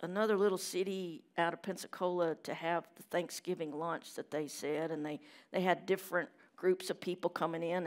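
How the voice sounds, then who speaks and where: A middle-aged woman preaching a sermon in a church chapel, telling stories with loud emphasis and hushed asides. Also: fairly low pitch, steady tone, moderate pace, hardly any pauses.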